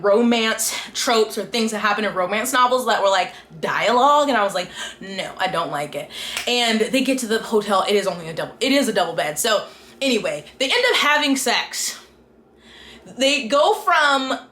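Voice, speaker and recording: A woman's voice: a little high, a bit bright, reverberant, slight background noise. A woman giving an exasperated, casual book review rant and acting out the characters' lines along the way.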